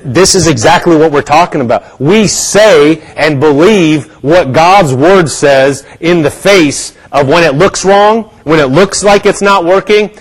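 A man's voice: a little high, poor audio. A man preaching a sermon, telling a story and acting out the people in it, from bold declarations down to whispers. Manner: acts out quotes, dropping to a whisper for a sick woman.

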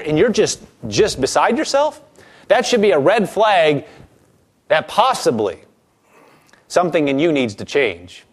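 A man preaching a sermon to a congregation, acting out quoted voices and reading scripture slowly. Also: high-pitched.

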